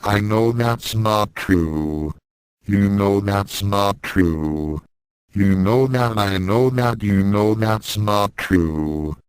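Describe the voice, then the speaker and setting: A man's voice: fairly low pitch, drawn-out words, clean tone, no room sound, rough recording. A man reading as a guilty, hot-tempered young fighter. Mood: defensive. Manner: defensive, frustrated. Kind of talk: audiobook reading of fan fiction.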